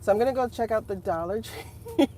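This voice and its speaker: A woman's voice: a little high, brisk, a little hiss or hum. A woman hosting a casual livestream as a tarot reader, chatting to her viewers and laughing often. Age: adult. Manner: chatty, animated, laughs often, talks to the chat.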